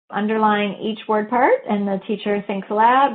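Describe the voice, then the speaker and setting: A woman presents a teaching webinar, moving through a procedure one step at a time and now and then modeling what a teacher would say. Her voice sits at a middle pitch. The audio is thin and boxy, as if heard over a phone line. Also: normal speed, few pauses. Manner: methodical, walks through steps and models teacher talk. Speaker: webinar presenter on reading instruction. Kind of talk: explanatory lecture.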